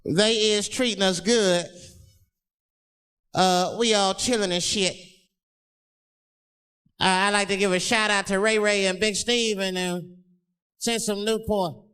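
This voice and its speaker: A man putting on the voice of a relaxed male hostage reading a letter, in a slow, mock-casual drawl. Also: high voice, clear, resonant tone, voice pushed up, exaggerated voice. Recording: long hall reverb.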